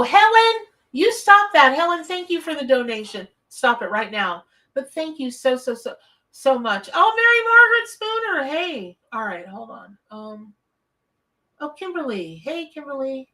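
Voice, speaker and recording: A woman doing a tarot reading on a livestream from her home office greets her viewers in a chatty, effusive way. Her mid-range voice sounds pushed and bright, and she's recorded from a distance.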